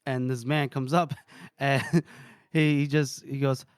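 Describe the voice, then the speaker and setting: A man co-hosting a podcast, casually retelling a book chapter with animated delivery, laughing and swearing. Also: mid-range voice, a little slow, smooth, no room sound, studio quality. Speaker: podcast co-host.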